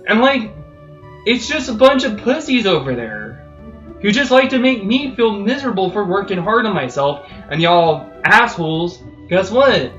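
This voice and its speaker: A man from California, a game streamer, delivering a heated, profane rant on his live stream that swings between loud outbursts and low muttering. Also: sing-song, moderate pace, highs cut off. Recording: echoey room with faint music.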